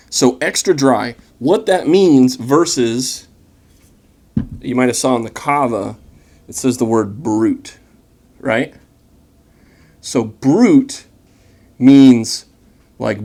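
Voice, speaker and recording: A man hosting a casual wine tasting, talking in a relaxed, chatty and enthusiastic way with plenty of fillers. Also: medium pitch, slow, long pauses. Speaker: wine vlogger.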